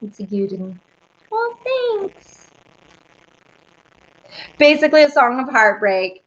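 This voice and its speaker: High-voiced Southern woman chatting on a livestream. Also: wildly swooping pitch, takes it slowly, slight background noise. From Oklahoma, US. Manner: chatty, answers viewers' comments. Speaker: singer and livestream host. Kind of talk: casual livestream chat between songs. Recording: lo-fi with ukulele playing. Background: ukulele music.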